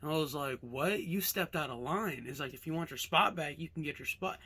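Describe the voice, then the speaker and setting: A man's voice: a little high, a little fast, bright, forceful tone, slightly rough. A young man from Alaska casually telling a rambling childhood story with lots of fillers and swearing. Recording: music playing behind.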